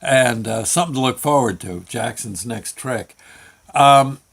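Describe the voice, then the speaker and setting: A man hosting his own show, telling a long work story in a halting, folksy way with many fillers and restarts. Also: mid-range voice, gravelly, a bit bright. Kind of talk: rambling spoken storytelling.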